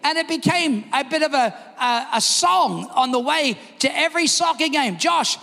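High-voiced pastor preaching in a big hall. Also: male voice, normal speed, creaky. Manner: energetic storytelling, shouted quotes. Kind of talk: sermon. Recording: long hall reverb.

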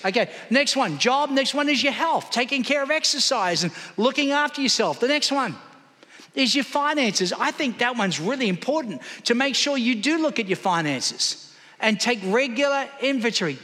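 A man's voice: very high voice, lively intonation, normal speed, bright, forceful tone. A man preaching a sermon in church, calling out to the congregation for responses. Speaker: pastor. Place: church hall. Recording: long hall reverb.

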